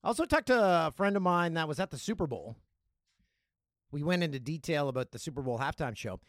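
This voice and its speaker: A man hosting his own podcast, chatting casually and riffing on news stories and listener emails with a joking, animated manner. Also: fairly high pitch, brisk, dry recording, clean studio sound. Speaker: podcast host. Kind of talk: casual solo podcast chat.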